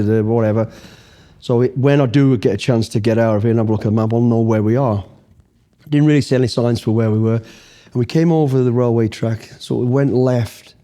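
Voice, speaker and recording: A middle-aged man tells his story in plain, blunt words, swearing freely and acting out his own past thoughts. His voice is deeply dark and mellow, sitting at an ordinary pitch for a man. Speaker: interview guest, former special forces soldier. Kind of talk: casual storytelling.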